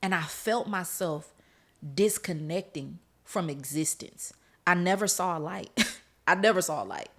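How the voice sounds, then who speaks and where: A woman's voice: lowish voice, expressive, measured pace, fairly bright tone. Woman host giving an emotional testimony. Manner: emotional, speaks straight to listeners; laughs through tense parts of the story. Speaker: podcast host. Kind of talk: personal testimony storytelling.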